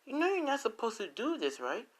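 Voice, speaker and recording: A man voicing a calm, doting mother who gently scolds her murderous daughter, in a spoken fan story. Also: very high-pitched, brisk, voice pushed up, full character voice. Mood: motherly.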